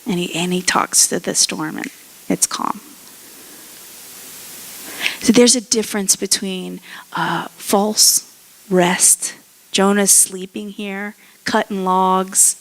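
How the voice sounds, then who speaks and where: Woman pastor, casual sermon, slow deliberate delivery, acts out voices. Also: mid-range voice, fairly even intonation, creaky. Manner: conversational preaching, acts out characters' voices.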